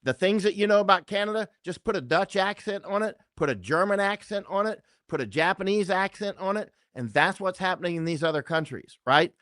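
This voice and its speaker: In a conversational interview, a middle-aged male guest rambles emphatically and keeps asking "right?". He speaks a little fast with few pauses, his high-pitched, fairly bright voice full of lively intonation. The studio-quality recording has no room sound.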